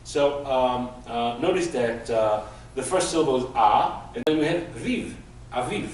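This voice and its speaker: A man's voice: medium pitch, measured pace, darkish tone, slight background noise. A man teaching a beginners' Hebrew class, patiently explaining and praising his students. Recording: echoey room, mic far off.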